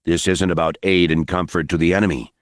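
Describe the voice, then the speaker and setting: A male narrator voicing a calm, stern general who speaks in clipped, controlled orders. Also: low-pitched, fairly quick, dry recording, studio quality, lightly acted.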